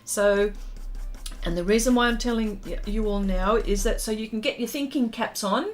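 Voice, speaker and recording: A woman hosting an art livestream, chatting warmly and casually with viewers while she draws, with plenty of ums and heartfelt asides. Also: mid-range voice, moderate pace. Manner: chatty and heartfelt, many ums, reads out chat comments.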